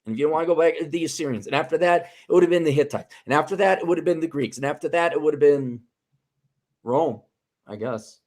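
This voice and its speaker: A man's voice: a little high, fast talker, a little mellow. A man hosting a casual podcast chat, ranting heatedly with swearing and frequent restarts. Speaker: podcast host.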